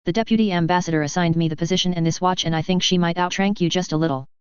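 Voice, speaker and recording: A woman's voice: on the low side, steady tone, racing, smooth, no echo, natural voice. A woman reading the lines of a cold, resentful young female assistant with an icy, clipped manner. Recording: dull, muffled recording.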